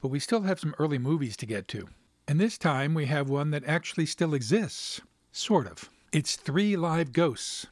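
A man hosting a podcast, reading stories and old reviews aloud in a measured, deliberate way. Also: fairly high pitch, expressive, dry recording, clean studio sound. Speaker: podcast host. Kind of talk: reading a story aloud and commenting.

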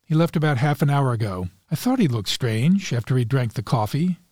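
A man reading the lines of a calm, cold and composed mistress in a story, speaking quietly. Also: medium pitch, fairly quick, dry recording, clean studio sound, close to an everyday voice. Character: cool, composed scheming mistress, adult woman. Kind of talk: read-aloud story dialogue.

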